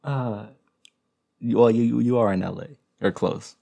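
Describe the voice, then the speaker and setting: Telling stories on his podcast, a man speaks in a mellow, creaky mid-range voice with a steady tone and an unhurried pace. His storytelling is casual and rambling, full of self-interruptions and restarts.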